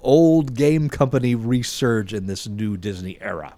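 Chatty male podcast co-host reading news, swinging pitch, dry close mic. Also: expressive, a little slow, dark tone, dry recording. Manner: chatty, laughs between lines, swears casually.

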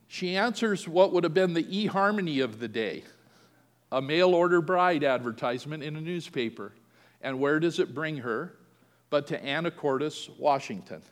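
A pastor with a slightly high voice preaches a sermon that sounds like it fills a big room. He tells a family story, acting out the voices of the people he quotes.

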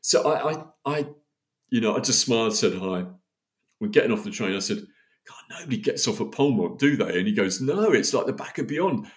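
Animated man telling a story. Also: mid-range voice, fairly quick. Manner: animated, acts out quoted dialogue. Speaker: podcast guest. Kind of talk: storytelling in casual chat.

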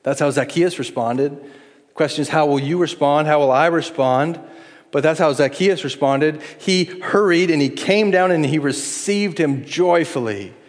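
A man's voice: fairly high pitch, unhurried. Middle-aged man, pastor preaching, earnest, pleading, long hall reverb. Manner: earnest, pleading, shifts between hushed appeals and lively acted-out asides. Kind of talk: sermon. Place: church sanctuary.

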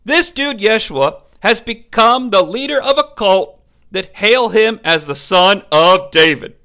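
A man voicing a scheming, obsequious high priest who hesitates and flatters. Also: unhurried, gravelly, heavily acted. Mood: wheedling. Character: fawning scheming high priest, male, middle-aged.

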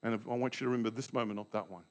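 A man's voice: mid-range voice, fairly even intonation, very fast. A man preaching a sermon as a Baptist pastor, telling the story dramatically and acting out the scenes.

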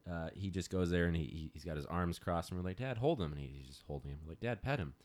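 A young man in casual chat, telling stories in an animated, chatty way. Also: low voice, fast. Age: young adult.

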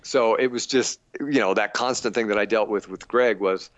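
A man's voice: fairly low pitch, normal speed, hardly any pauses, no echo, muffled recording. Self-mocking middle-aged man, dry sound. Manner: self-deprecating, animated when quoting others. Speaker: actor. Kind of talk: casual interview talk.

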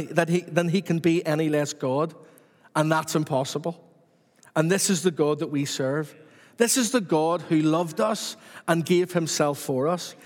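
A man's voice: a little high, big-room sound. A man preaching a sermon to his church with repetitive, rhythmic emphasis.

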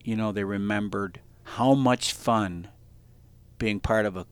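A man's voice: on the low side, a little slow, clear, resonant tone, no echo. A middle-aged man hosting a podcast, chatting casually and telling rambling stories with many restarts. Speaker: podcast host. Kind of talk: casual interview chat.

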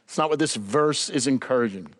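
An older man preaching a sermon as a guest speaker, conversational and animated, driving points home by repeating them. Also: medium pitch, fairly quick.

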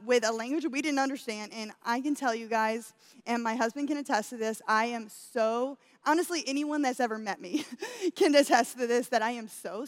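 Woman, young, high voice, chatty sermon, laughs a lot, long hall reverb. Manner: chatty, laughs often, says "y'all". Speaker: church speaker. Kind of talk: sermon with personal story.

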